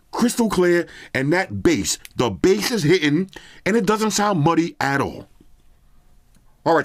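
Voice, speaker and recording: Lively, chatty male tech reviewer. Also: fairly high pitch, no echo, studio quality. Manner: casual, chatty, speaks directly to viewers with slang. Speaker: product reviewer. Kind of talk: casual tech review vlog.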